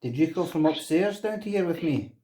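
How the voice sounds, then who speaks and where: A middle-aged man, speaking a touch high but mellow and soft-edged. He puts patient, coaxing questions to the dark, as if waiting for an answer from something unseen. It is a ghost-hunt session inside an old castle. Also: expressive, brisk, a little hiss or hum. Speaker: paranormal investigator.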